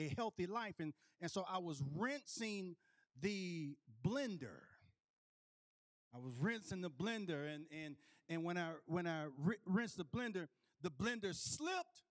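A male preacher with a notably high voice, preaching through a personal story. He restarts his phrases again and again and keeps checking in with the congregation. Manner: repetitive restarts, calls out to the congregation. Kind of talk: storytelling sermon.

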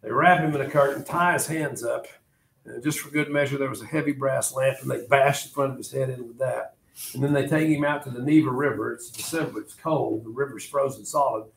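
Gravelly man telling history with drama. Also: mid-range voice, slight background noise. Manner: animated, dramatic storyteller. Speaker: teacher. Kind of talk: classroom history storytelling. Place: classroom.

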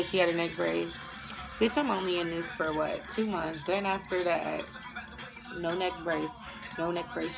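A young woman in a neck brace telling a story in an animated, profane, casual way and acting out everyone's voices. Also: lowish voice, vocal fry, low-quality recording. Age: young adult. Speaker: vlogger.

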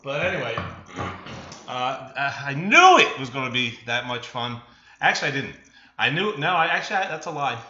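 A male podcast host talks alone to close an episode, rambling and correcting himself as he goes. His voice comes across bright and forceful. The recording sounds roomy and a bit muffled, with a faint hiss underneath. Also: mid-range voice, very animated, moderate pace. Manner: rambling, self-correcting, chuckling. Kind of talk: solo podcast outro.

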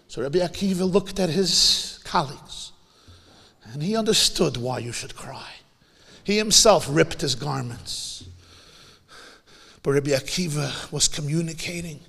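Impassioned rabbi preaching in a reverberant hall. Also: male voice, on the high side, vocal fry, husky. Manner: dramatic swings from hushed to shouting, rhetorical questions. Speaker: rabbi giving a memorial lecture. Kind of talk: sermon. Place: large hall.

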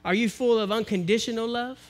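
A man with an American accent preaching a sermon to his congregation, building to forceful exhortation. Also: extremely high pitch, steady tone, a little fast. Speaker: minister. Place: church, live-streamed service.

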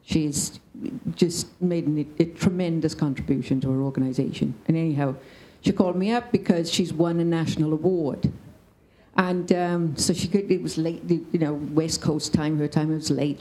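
A woman's voice: low voice, steady tone, moderate pace, dark tone, rough recording. A woman speaking on a discussion panel, telling a story emphatically and checking in with "right?".

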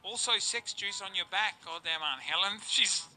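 A man's voice: sits high, normal speed, bright, forceful tone, low-quality recording. A man streaming a party game with friends, reading answers aloud with crude jokes and frequent laughter. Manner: laughs often, crude joking. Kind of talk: casual game-night chat.

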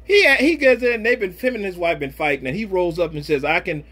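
A pastor who hosts a podcast gives preachy commentary dotted with slang asides, his delivery animated and a touch fast. He swings between loud exhortation and low murmurs.

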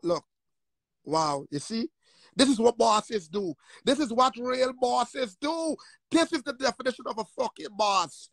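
An angry man rants on a livestream, cursing and repeating himself in a raised voice. His voice sits high and rough with fry. The sound is dry and close. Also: expressive, measured pace, dry recording. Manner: profane, repetitive, angry and shouting. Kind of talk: heated livestream rant.

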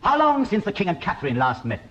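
Brief: smooth scheming courtier, high lively voice, dull TV audio with audience laughs. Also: male voice, fast, a little hiss or hum, full character voice. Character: scheming, pompous court lord, smooth and sly. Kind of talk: 1970s TV sketch comedy. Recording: dull old TV recording with studio audience laughter.

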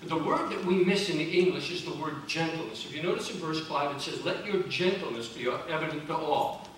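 High-voiced preacher in an echoey church. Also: male voice, brisk. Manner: conversational, emphatic preaching with repeated phrases. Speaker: pastor. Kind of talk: sermon. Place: church sanctuary. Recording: very echoey church from a distance, faint noise.

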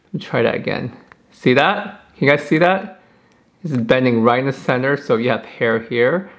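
A man, a professional hairstylist, reviewing a flat iron in a chatty, excitable, dramatic way. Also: mid-range voice, moderate pace. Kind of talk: casual product review vlog.

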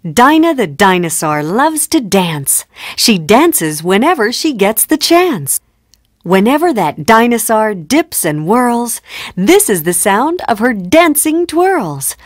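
A woman reading children's phonics rhymes in a slow storybook manner, acting out the letter sounds. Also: a little high, sing-song, no echo, studio quality. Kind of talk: scripted narration for children.

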